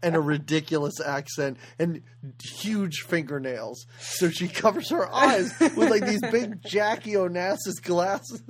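A woman co-hosting a podcast, chatting casually about a movie in an animated, wry way. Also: lowish voice, unhurried, hardly any pauses. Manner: animated, wry, quotes characters in put-on voices. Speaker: podcast co-host.

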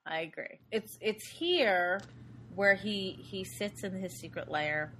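A woman's voice: mid-range voice, slow, fairly bright tone, a little hiss or hum. A woman co-hosting a podcast, chatting casually about a movie, rambling and gushing and repeating her words. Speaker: podcast co-host. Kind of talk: casual chat reviewing a movie.

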